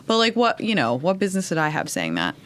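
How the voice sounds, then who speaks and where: A woman's voice: low voice, fast. Chatty Valley girl woman. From England. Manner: chatty, animated storyteller, frequent "like". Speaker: podcast guest. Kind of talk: casual chat.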